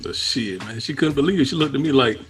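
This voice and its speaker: A man's voice: mid-range voice, animated, quick pace, soft background music. A man joking in casual, profane podcast banter. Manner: joking, profane, laid-back.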